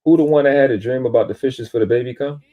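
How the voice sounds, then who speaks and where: A man's voice: mid-range voice, quick pace, muffled recording. A man on a live stream lecturing about spiritual teachings in an emphatic, preachy way, swearing casually and boasting about himself. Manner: self-aggrandizing, spiritual teaching tone. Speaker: panel speaker on a live stream.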